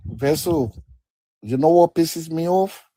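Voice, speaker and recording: A man's voice: on the high side, slow, dark tone. A man on a live debate stream, speaking in an indignant, repetitive, rambling way.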